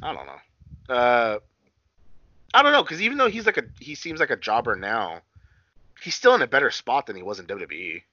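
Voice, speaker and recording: A man's voice: medium pitch, moderate pace, pauses often, no room sound. A young man co-hosting a casual podcast, swearing freely and acting out what people said. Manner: animated, swearing, acts out quotes. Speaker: podcast co-host. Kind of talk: casual wrestling chat. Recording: dull, lo-fi dry sound.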